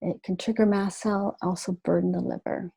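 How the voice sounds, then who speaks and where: A woman's voice: medium pitch, fairly even intonation, moderate pace, vocal fry, mellow, husky, no room sound, rough recording. A woman presenting a nutrition webinar lecture, talking informally with fillers and restarts.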